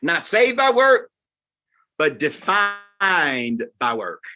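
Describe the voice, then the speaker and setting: Fifty-something male pastor, bright and forceful tone, raised pitch, expressive sermon delivery. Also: drawn-out words. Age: 50s. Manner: expressive preacher, sweeping from loud highs to quiet lows. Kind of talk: closing sermon to volunteers. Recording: live talk before a group.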